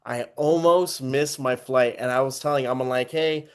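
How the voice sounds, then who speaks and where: The voice is a clean, mid-range male one at normal speed, belonging to a young podcast host from Texas. Chatting casually, he tells an animated story and impersonates the people in it.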